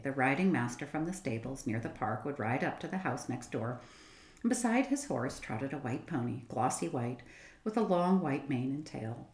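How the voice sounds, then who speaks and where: A woman reading a children's book aloud as a storyteller, expressive and gently paced. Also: very deep voice. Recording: roomy echo.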